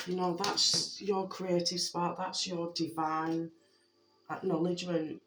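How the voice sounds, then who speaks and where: A spiritual message giver speaking to viewers in a heartfelt way, gently repeating reassurances with many fillers. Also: mid-range voice, flat delivery, slow, very noisy. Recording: roomy echo with faint background music.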